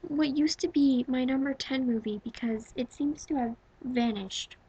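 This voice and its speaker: Gushing young woman with a gravelly voice. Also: high-pitched, normal speed, dull audio, noisy background. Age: 20s. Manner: gushing, swings between exclaiming and whispering. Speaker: vlogger. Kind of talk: casual movie-ranking vlog.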